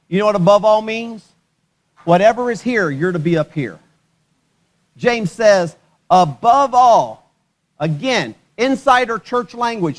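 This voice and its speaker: At a church service, a high-voiced male pastor gives a sermon in a conversational, joking manner. He frequently puts questions to the congregation.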